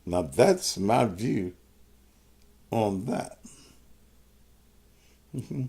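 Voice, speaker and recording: A man's voice: fairly low pitch, very animated, very slow, vocal fry, dark tone, breathy edge. A man hosting his own live stream, talking to commenters in a profane, combative way. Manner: profane, combative, cusses out viewers. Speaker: host of his own show.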